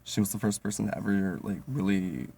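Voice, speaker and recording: A man in his thirties tells a profane comic story in a casual, animated way, full of fillers. His voice sits low, gravelly and husky. His energy stays loose and chatty throughout. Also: fairly quick. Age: 30s.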